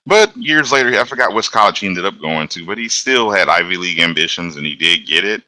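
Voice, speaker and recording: A man from Alabama, a locomotive engineer, chatting as a guest and telling stories in a relaxed, rambling way. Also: sits low, fairly quick, no room sound. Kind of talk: casual conversational storytelling.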